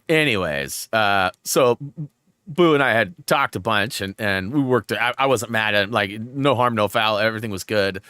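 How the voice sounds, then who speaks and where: A man hosting a gaming live stream, chatting casually and telling rambling, animated stories while he plays. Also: lowish voice, normal speed, clear, resonant tone, no echo, clean studio sound. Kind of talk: live-stream gameplay chat.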